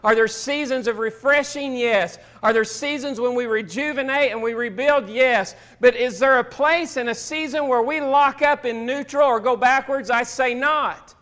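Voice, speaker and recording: A man's voice: very high voice, normal speed, few pauses, fairly bright tone. A man preaching a sermon, telling a story in a folksy, homespun way. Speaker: pastor.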